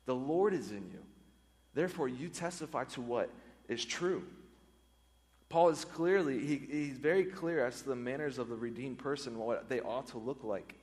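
A man's voice: mid-range voice, darkish tone. A man preaching a sermon as a pastor, earnest, often repeating words and phrases for emphasis. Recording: long hall reverb.

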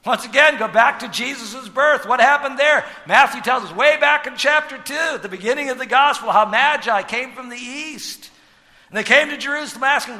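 A man preaching a sermon as pastor, emphatic, posing rhetorical questions and swinging sharply between loud and soft. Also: very high voice, moderate pace. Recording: long hall reverb.

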